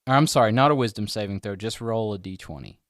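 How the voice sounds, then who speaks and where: Smooth-voiced man running a tabletop game. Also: fairly low pitch, fast talker, no room sound, studio quality. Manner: relaxed, chatty, with fillers. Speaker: game master.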